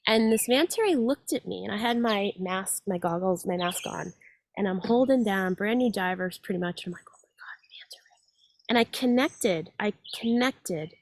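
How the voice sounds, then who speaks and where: A woman in her forties, a guest in a casual chat, telling stories in an animated way with plenty of fillers. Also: mid-range voice, moderate pace, no room sound.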